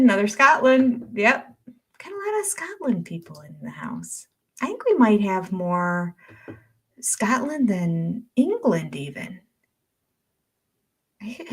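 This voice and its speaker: A woman's voice: lowish voice, breathy edge. An older woman hosting a livestream, chatting casually, reading viewer comments aloud and laughing often. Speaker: livestream host.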